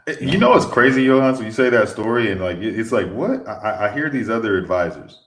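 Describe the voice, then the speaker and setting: Man, financial advisor, very deep pitch, echoey room, casual podcast talk, repeats words while thinking. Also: lively intonation, quick pace, a bit bright. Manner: rambling, repeats words while searching for a thought.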